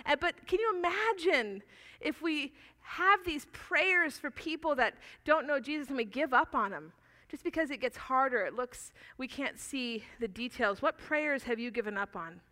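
Speaking at normal speed in a high voice, a female pastor delivers a sermon with earnest animation. She shares stories and asks her congregation questions.

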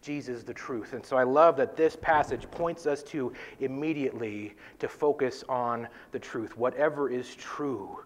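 A man hosting a devotional talk, teaching from scripture in an earnest, conversational way, often checking in with "right?" and dropping softly for emphasis. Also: unhurried, hardly any pauses. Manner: conversational, tags points with "right?"; earnest, drops to soft low emphasis. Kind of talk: casual Bible teaching.

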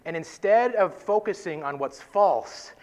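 Brief: man, slightly higher voice, casual earnest Bible teaching, conversational with soft emphatic drops. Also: lively intonation, unhurried. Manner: conversational, tags points with "right?".

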